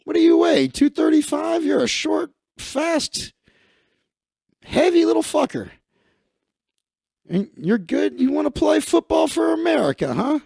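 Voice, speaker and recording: A man voicing a loud, crude American football coach who barks crude questions. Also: extremely high pitch, lively intonation, a little slow, creaky, long pauses, no echo, studio quality, voice pushed up, heavily acted. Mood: barking. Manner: barking, crude, sizing people up.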